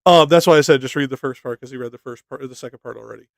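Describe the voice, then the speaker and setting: A man's voice: mid-range voice, rapid-fire, gravelly, dry recording. A man co-hosting a casual discussion, blunt and profane, laughing often. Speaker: co-host of a study stream.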